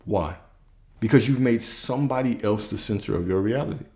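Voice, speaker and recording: A man's voice: fairly low pitch, brisk, mellow. A man coaching his viewers in a motivational talk, emphatic and repetitive, asking rhetorical questions and repeating key lines.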